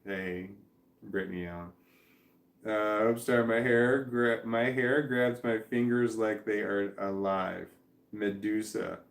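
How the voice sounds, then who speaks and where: A man's voice: on the low side, level tone, creaky. Guy rambling through chat comments on a home stream, keeps restarting words, echoey room. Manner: halting, repeats words, reads comments aloud and stumbles over them. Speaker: vlogger reading chat comments. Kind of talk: casual livestream chat. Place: indoors at home with his dog. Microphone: webcam.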